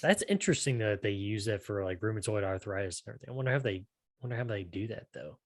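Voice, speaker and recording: A man's voice: lowish voice, lively intonation, fast, dry recording, clean studio sound. A man co-hosting a podcast in casual chat, rambling and restarting with lots of "you know". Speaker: podcast co-host.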